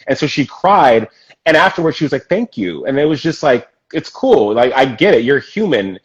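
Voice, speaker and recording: A man hosts a relaxed interview with an emphatic, encouraging delivery. His voice sits at an ordinary middle pitch for a man, and he cheers his guest on warmly as he talks. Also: brisk, lo-fi sound. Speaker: podcast host. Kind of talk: casual interview chat.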